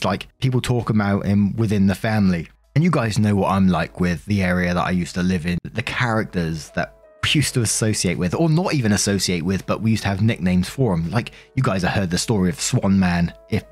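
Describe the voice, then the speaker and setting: A man reading a funny post aloud and adding casual commentary, amused and laughing along. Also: low voice. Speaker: storyteller reading a Reddit post.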